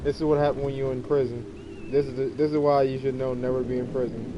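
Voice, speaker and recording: A man's voice: mid-range voice, level tone, fast talker, lo-fi sound, background noise. A man giving loose, laughing commentary over a game, repeating himself and talking to a friend. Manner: laughing, repetitive, addresses a friend. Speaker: gaming video host. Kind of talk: casual commentary over gameplay.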